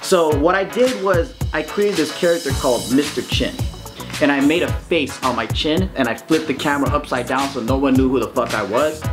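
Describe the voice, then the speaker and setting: A man's voice: mid-range voice, a little fast. A young man telling a story in a casual, profane way, full of fillers. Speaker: vlogger. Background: guitar music.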